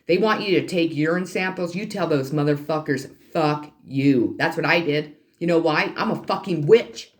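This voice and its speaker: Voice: medium pitch, normal speed, few pauses. A heated, foul-mouthed tarot reader lectures the viewers on a channel. The voice is preachy and keeps calling out to them as people. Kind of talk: ranting spiritual card reading for a channel.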